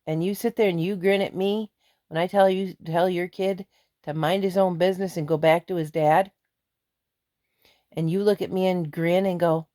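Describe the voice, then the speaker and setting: In an angry ranting vlog, a middle-aged woman speaks bluntly and with emphasis. Her pitch is fairly low and her tone warm, with fairly even intonation at a moderate pace. It's a clean studio recording with no room sound.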